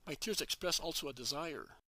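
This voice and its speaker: A man's voice: fairly high pitch, animated, a little fast, pushed and bright, no echo, full character voice. A man reading the lines of an elderly, tearful peasant grandfather with a guttural voice, in a plain pleading tone.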